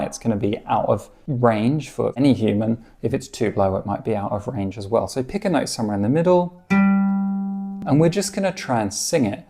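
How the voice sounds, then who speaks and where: A man teaching a guitar lesson, explaining calmly and encouragingly, counting beats aloud and singing short snippets. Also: mid-range voice, gravelly.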